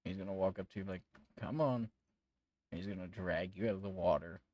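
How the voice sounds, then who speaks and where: A man's voice: sits low, little pitch movement, fast, darkish tone, dry recording, low-quality recording. A man running a tabletop game as game master, narrating casually, laughing and swearing.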